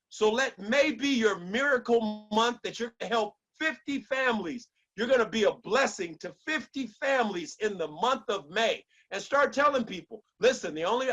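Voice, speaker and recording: A man's voice: high voice, a bit bright. A man giving a motivational speech with an emphatic, preacher-like cadence and lots of repetition. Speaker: motivational speaker.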